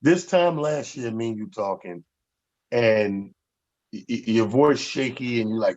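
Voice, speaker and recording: A man's voice: mid-range voice, unhurried, a little mellow, lo-fi sound. A man in his forties from New York, a comedian hosting a radio talk show, giving streetwise, emphatic advice. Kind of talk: casual radio chat.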